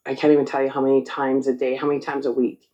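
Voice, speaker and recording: Tearful woman with a mellow voice. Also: very deep voice, level tone, dull audio. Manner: choked up, tearful, halting. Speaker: channel host. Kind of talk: emotional spiritual monologue.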